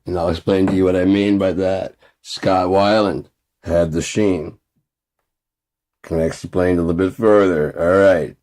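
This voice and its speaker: A man's voice: low voice, steady tone, measured pace, darkish tone. A man vlogging in a rambling, profane, casual monologue, laughing often at his own stories.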